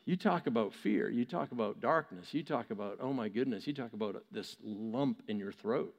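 A male pastor preaching a sermon, telling a story with animated, chuckling asides. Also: medium pitch, moderate pace, gravelly, long reverb tail.

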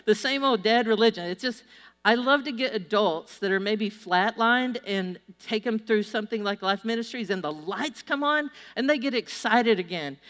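Energetic woman preaching in a reverberant hall. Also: on the high side. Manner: animated storytelling, exhorting the audience. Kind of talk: sermon.

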